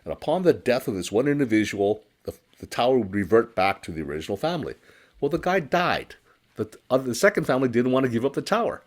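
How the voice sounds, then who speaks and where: A man telling a personal ghost story in casual conversation, animated and laughing as he acts out his own reactions. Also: mid-range voice, fast. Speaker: storyteller guest.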